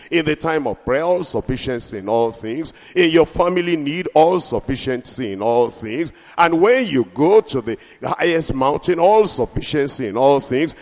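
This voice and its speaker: A man preaching a sermon, building rhythmic refrains and slowing down to stress key lines. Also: on the high side. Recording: long hall reverb.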